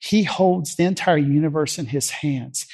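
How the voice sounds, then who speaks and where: A man's voice: a little high, moderate pace, darkish tone. A man preaching a sermon as vivid storytelling, acting out the scripture scenes as he tells them.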